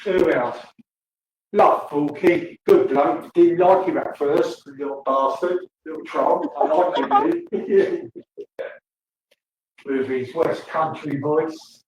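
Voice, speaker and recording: A man's voice: on the high side, takes it slowly, a little mellow. An older man, chatting crudely and laughing with viewers on a livestream, tired and rambling. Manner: crude, swearing, laughing often. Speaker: livestream host. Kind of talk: rambling casual chat to viewers. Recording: echoey room, distant mic, faint noise.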